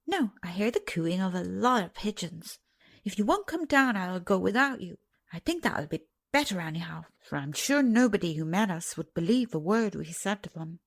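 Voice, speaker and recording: A woman's voice: mid-range voice, lively intonation, moderate pace. A woman voicing a proud miner boy who talks in a blunt, sulky way.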